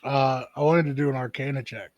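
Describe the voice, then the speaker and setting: A man playing a tabletop game, asking eager, quick questions. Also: mid-range voice, fairly even intonation, a little mellow, no echo, muffled recording. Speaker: player. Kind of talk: casual play.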